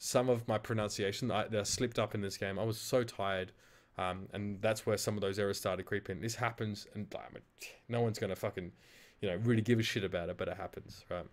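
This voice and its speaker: Lässiger australischer Mann, flucht gern. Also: male voice, lowish voice, steady tone, a little fast. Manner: frank, swears freely, self-deprecating. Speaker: esports caster. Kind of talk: casual stream review of his own casting.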